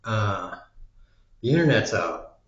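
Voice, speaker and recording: Slow rambling American man, echoey room. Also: fairly low pitch, sing-song, very noisy. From United States. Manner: slow, meandering, trailing off with fillers. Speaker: vlogger. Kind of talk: rambling musing monologue. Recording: dull lo-fi sound in an echoey room.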